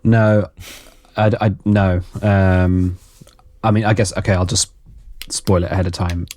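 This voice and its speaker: Deep, dark-voiced hesitant man podcaster. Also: little pitch movement, no echo. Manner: hesitant, halting, many fillers and restarts. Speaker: podcast co-host. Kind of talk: casual chat.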